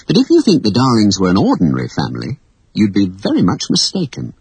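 An expressive children's storyteller whose pitch roams widely through every sentence. The voice is husky and breathy, recorded close and dry with no room sound. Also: fast talker, no room sound, low-quality recording. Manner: expressive, animated.

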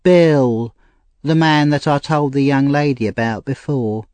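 A man's voice: a little mellow, clean tone, dry recording, natural voice. Frightened young woman, voiced by a male narrator. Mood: fearful pleading. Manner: high, slow and pleading. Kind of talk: audiobook character reading.

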